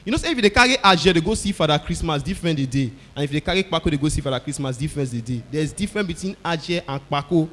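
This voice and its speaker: A male stand-up comedian with a Nigerian Pidgin accent tells stories loudly and acts out the people in them. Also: on the high side, very fast, hardly any pauses, big-room sound. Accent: Nigerian Pidgin English. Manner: loud animated storytelling, acting out characters.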